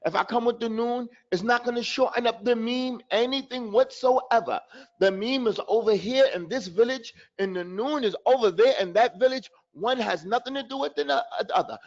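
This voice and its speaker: Speaking at normal speed with an extremely high pitch, this male recitation teacher runs a live online class. He drills pronunciation by repeating sounds over and over, weaving in Arabic terms, and the audio is dull and lo-fi.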